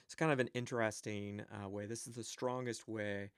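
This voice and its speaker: A man's voice: lowish voice, steady tone, normal speed, smooth, no echo, studio quality. A man teaching a recorded grammar lecture, explaining step by step with frequent fillers. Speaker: Greek teacher.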